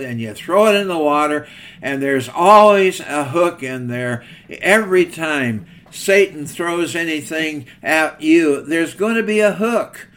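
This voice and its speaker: A man's voice: on the high side, a bit bright. An older man preaching a sermon in a folksy, earnest storytelling manner.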